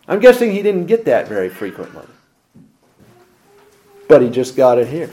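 A man preaching a sermon as pastor, asking rhetorical questions and swinging between loud emphasis and quiet asides. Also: a little high, sing-song, normal speed.

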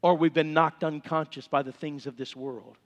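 A man's voice: a little high, steady tone, normal speed. A middle-aged male pastor, preaching a sermon with fervent, impassioned appeals in a church sanctuary. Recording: long reverb of a church hall.

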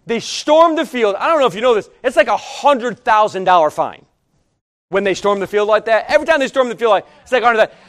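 High-voiced folksy preacher. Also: male voice, fast. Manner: folksy, animated, joking, rising to near-shouts. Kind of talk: sermon with storytelling.

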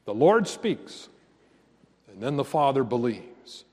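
A man preaching a sermon as pastor, slow and earnest, rising to emphatic declarations. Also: medium pitch, very animated, darkish tone, husky, long reverb tail.

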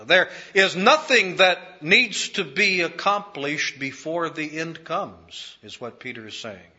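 A man preaching a sermon in a measured, emphatic way, repeating key phrases for weight. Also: fairly high pitch, lively intonation, pushed and bright, slightly rough, muffled recording.

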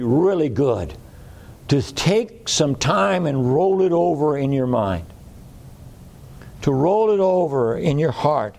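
A man's voice: a little high, creaky, a little mellow. A man preaching a sermon in a folksy way, repeating phrases for emphasis.

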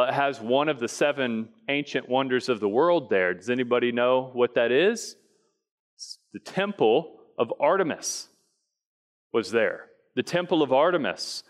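A male pastor preaching from the pulpit in an emphatic, repetitive way. He drives his points home by saying them twice and by asking his listeners questions. His voice sits at an ordinary middle pitch for a man. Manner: emphatic, repeats key phrases and asks the congregation questions. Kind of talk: sermon.

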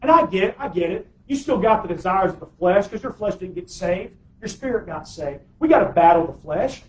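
A pastor with a very high voice preaches emphatically and draws amens from the congregation. His voice carries through a roomy, echoey sanctuary. He is picked up from well back from the mic. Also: expressive, a little fast, far from the mic, a little hiss or hum. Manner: emphatic, call-and-response preaching. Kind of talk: sermon.

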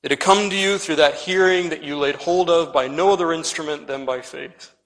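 A man preaching a sermon with pointed emphasis, swelling on key phrases and dropping to quiet endings. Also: on the high side, a little fast, big-room sound, low-quality recording. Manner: pointed, rising and falling emphasis, trailing off to quiet ends.

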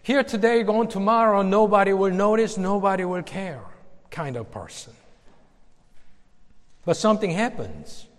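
A male preacher giving a sermon, slow and emphatic, with dramatic pauses. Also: high voice, expressive, big-room sound.

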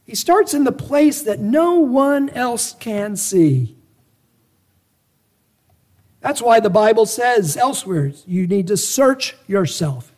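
A man delivering a sermon in a notably high voice. He presses his hearers with rhetorical questions and earnest calls to examine themselves, slowing down to stress key phrases. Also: sing-song, darkish tone. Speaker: preacher.

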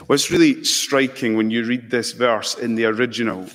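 A man preaching a sermon as pastor, slow and emphatic, building to fervent peaks. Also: medium pitch, steady tone. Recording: long hall reverb.

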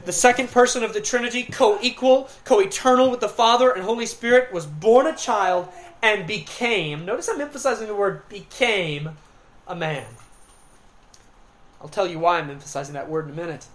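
With a mid-range voice, a female preacher delivers her sermon, drawing out important words and alternating between loud emphasis and soft, hushed passages.

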